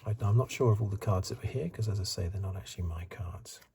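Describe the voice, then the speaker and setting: A middle-aged man hosting a soft-spoken ASMR card review, rambling in asides and drifting into whispers, recorded close to the mic. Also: lowish voice, quick pace, gravelly, a little hiss or hum. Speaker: ASMR channel host.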